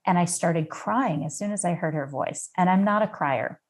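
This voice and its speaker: A middle-aged woman from the United States, a podcast guest, telling a personal story in an unhurried, conversational way with some fillers. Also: on the low side. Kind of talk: storytelling in an interview.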